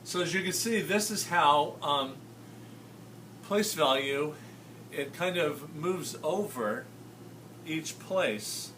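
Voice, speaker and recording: A man's voice: fairly high pitch, slow, long pauses, sharp tone, recorded from a distance, slight background noise. A man teaching a math lesson, explaining patiently and often checking whether his students follow. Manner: patient, checks understanding with tag questions.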